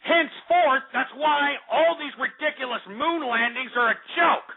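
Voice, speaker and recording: High-voiced ranting radio host man. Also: moderate pace, creaky. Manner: angry, profane, heckles callers. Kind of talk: ranting call-in radio talk. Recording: tinny phone-like radio audio.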